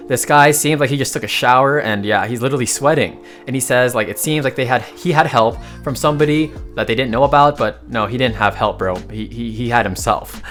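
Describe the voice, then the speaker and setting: Dude doing a chill joking comic recap, average pitch, lots of bro asides, soft guitar in the back. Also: male voice, fairly quick, few pauses. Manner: joking, slangy asides to viewers. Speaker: manhwa recap narrator. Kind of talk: casual recap narration.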